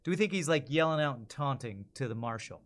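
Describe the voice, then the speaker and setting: A man streaming while he works on voice-over lines, thinking out loud and correcting himself as he goes. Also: mid-range voice, animated, fast. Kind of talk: casual live stream chat.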